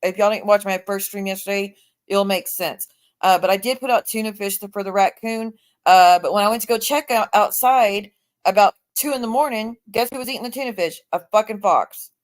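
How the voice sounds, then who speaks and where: A woman's voice: medium pitch, a little fast. A woman hosting a livestream, delivering a heated, profane rant and sounding tired. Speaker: livestream host.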